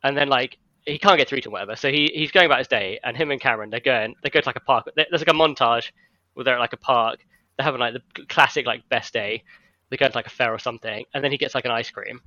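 Casual male storyteller, quick and bright-voiced, dry muffled recording, chatty rambling delivery. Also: mid-range voice, no room sound. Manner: rambling storytelling, heavy use of "like". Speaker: friend retelling an imagined film plot. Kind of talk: casual chat among friends.

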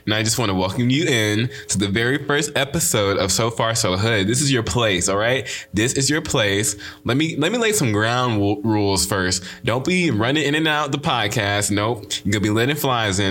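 A man's voice: mid-range voice, lively intonation, normal speed, hardly any pauses, fairly bright tone. A young man hosting his podcast in a playful, slangy monologue, repeating phrases for emphasis. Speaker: podcast host.

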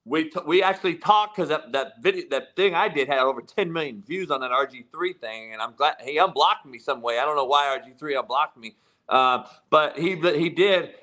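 A man's voice: a little high, fairly quick, sharp tone. A man hosting a sports talk show, chatting loosely and throwing leading questions at his guests.

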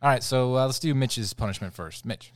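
A man's voice: medium pitch, a little fast, dry recording, clean studio sound. A man hosting a casual podcast chat, joking and leading the segments.

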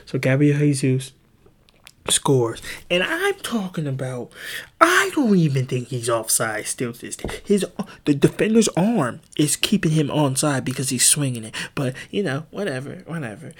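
A man's voice: on the high side, sing-song, moderate pace. Rambling, profane young man. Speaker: podcast host. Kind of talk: casual chat.

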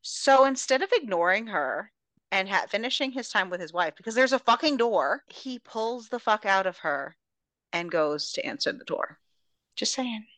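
A woman's voice: mid-range voice, moderate pace, no room sound. Dry-voiced woman recapping a novel. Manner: animated, swearing. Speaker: podcast host. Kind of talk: casual book recap.

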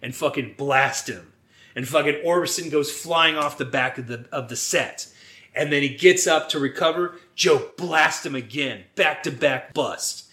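Animated man recapping a movie. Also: on the high side, unhurried, reverberant. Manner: animated, swears often, acts out quotes. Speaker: podcast co-host. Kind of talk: casual chat recapping a movie.

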